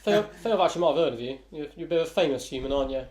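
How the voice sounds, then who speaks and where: A man's voice: on the high side, expressive, very fast, a little mellow, lightly acted. A man voicing a rude, territorial male dwarf blacksmith who swears and scorns visitors, in a tabletop game. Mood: gruff. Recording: roomy echo.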